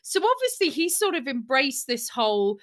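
A woman co-hosting a podcast, telling a story in a casual, animated and rambling way. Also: high-pitched, normal speed. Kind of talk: casual chat.

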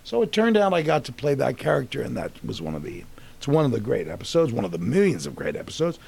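A man in his sixties with a gravelly, husky voice tells long, rambling stories about his acting career. His pitch swings widely as he gets animated. He often restarts his sentences mid-thought. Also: fast talker. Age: 60s. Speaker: actor guest. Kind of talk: casual storytelling interview.

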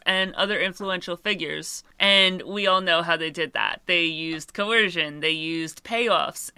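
A woman's voice: mid-range voice, pushed and bright, clear, resonant tone, dry recording, studio quality. A woman hosting a true crime video, telling the story in a casual, chatty way with conversational asides.

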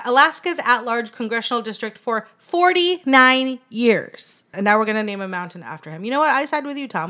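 A woman's voice: mid-range voice, sharp tone. Chatty woman podcast co-host. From immigrant to the United States. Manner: laughs often, reads news aloud with sarcastic asides. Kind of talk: casual podcast chat.

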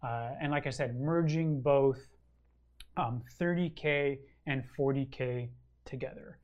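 Regular guy on a wargaming podcast, rambly and excited, lots of ums and uhs, mid-pitched voice. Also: measured pace, highs cut off. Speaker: regular co-host of a wargaming show. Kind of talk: casual chat answering a listener question.

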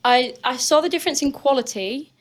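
A woman's voice: high voice, brisk. A young woman with a northern English accent, a guest on a casual podcast interview who talks in a chatty way, full of fillers and restarts. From Britain. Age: young adult. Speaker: guest athlete.

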